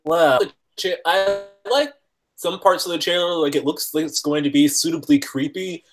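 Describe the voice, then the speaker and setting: A man's voice: fairly high pitch, moderate pace, music in the background. A man co-hosting a casual podcast chat, thoughtful and searching for his words. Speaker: podcast co-host.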